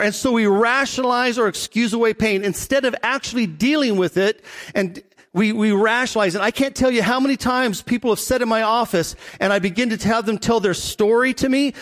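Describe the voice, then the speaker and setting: A middle-aged man, a pastor, preaching a conversational sermon and slowing down on key points. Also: high-pitched. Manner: conversational preaching, slows for emphasis.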